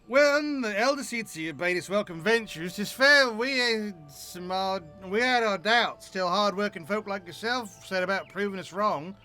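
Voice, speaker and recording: A man doing a gruff rustic ranch wrangler. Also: sits high, bright, forceful tone, voice pushed up, full character voice. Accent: put-on rustic accent. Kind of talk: reading game dialogue aloud in a voice.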